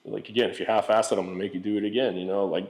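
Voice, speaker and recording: Man, 40s, low voice, rapid, candid, profane, casual podcast guest. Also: fairly even intonation, a little mellow. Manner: candid, profane storytelling with frequent fillers. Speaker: real estate entrepreneur guest.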